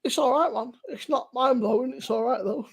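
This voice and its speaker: Sweary, husky woman bantering. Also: fairly high pitch, a little fast. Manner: teasing, sweary, loud. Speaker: beer review co-host. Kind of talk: casual live-stream banter.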